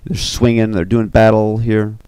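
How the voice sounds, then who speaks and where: Man, deep and gravelly, casual film storyteller with lots of fillers, dry close mic. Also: normal speed, dry recording. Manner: animated, filler-heavy with you know and uh. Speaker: storyteller recounting an animated film. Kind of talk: casual retelling.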